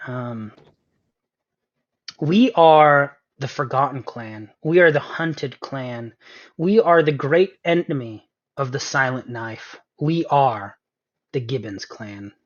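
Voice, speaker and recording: A man's voice: mid-range voice, slow pace. A man voicing a male goblin clan leader who talks bluntly and suspiciously, in a tabletop game. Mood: proud. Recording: dull lo-fi sound.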